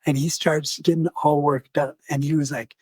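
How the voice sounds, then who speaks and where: Animated man telling a story. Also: a little high, moderate pace, no echo. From United States. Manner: animated, acts out quoted voices. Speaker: podcast host. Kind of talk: storytelling in conversation.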